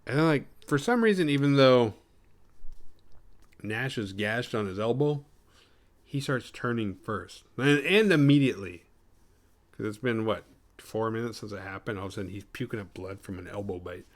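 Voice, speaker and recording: Low-voiced man doing a jokey film recap. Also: expressive. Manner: swearing, jumps into quick voices for characters. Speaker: podcast host recapping a horror film. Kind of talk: casual comedic retelling.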